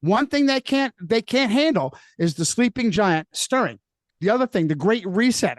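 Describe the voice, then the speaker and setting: A man's voice: high-pitched, very animated, normal speed, dry recording. A man speaking as a podcast guest in casual chat, making emphatic points that he repeats for weight, often ending on "okay?". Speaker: guest author.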